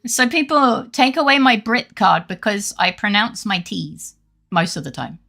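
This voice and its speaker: Gravelly, bright-voiced young woman streamer. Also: mid-range voice, lively intonation, measured pace, soft background music. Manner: rambling, chatty, swears freely, laughs often. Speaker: game streamer reading chat. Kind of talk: casual live-stream chat.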